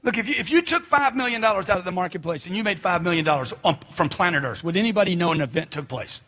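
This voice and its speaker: A middle-aged man giving a forceful, preachy motivational seminar talk, firing questions at the crowd. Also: high-pitched, animated, quick pace. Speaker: motivational speaker.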